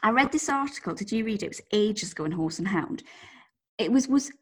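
A woman's voice: medium pitch, lively intonation, brisk, breathy edge. Hesitant woman co-host. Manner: hesitant, many fillers like "like" and "um". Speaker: podcast co-host. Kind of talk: casual chat.

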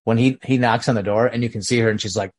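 A man's voice: mid-range voice, steady tone, fast talker. A man hosting a podcast who casually retells film scenes in a rambling way, leaning heavily on "like.". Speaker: podcast host. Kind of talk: casual film discussion chat.

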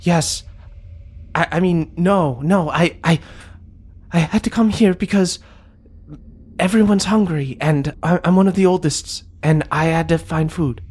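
A man's voice: fairly high pitch, measured pace, darkish tone, husky, pitched above the performer's own voice. A man voicing a young, timid female bullywug frog girl who stammers and apologizes nervously. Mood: flustered.

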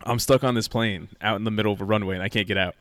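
A man in casual podcast chat, telling an animated story and acting out what people said. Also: fairly low pitch, very fast, no room sound. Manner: animated storyteller, acts out quoted lines.

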